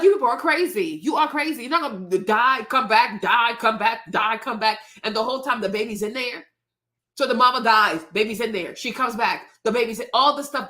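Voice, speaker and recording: A woman's voice: a little high, pushed and bright. A woman hosting her own show, talking straight to her viewers in outspoken, indignant casual commentary. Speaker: host.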